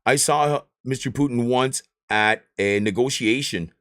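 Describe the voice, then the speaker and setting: A man, chatting on a live stream in an excitable, rambling way and swearing often. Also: mid-range voice, a little slow, clean tone. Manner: animated, excitable ranting with swearing.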